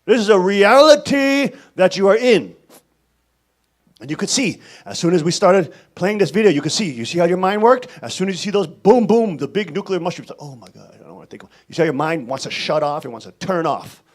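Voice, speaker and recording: Animated, scolding male preacher. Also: sits high, a little fast. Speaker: pastor. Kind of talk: sermon.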